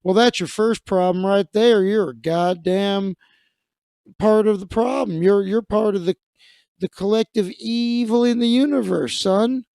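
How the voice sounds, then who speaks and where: A man's voice: high voice, unhurried, gravelly, warm tone, clear, resonant tone, no echo, pitched above the performer's own voice. A man imitating an angry, preachy male finance radio host who scolds a caller. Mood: scolding.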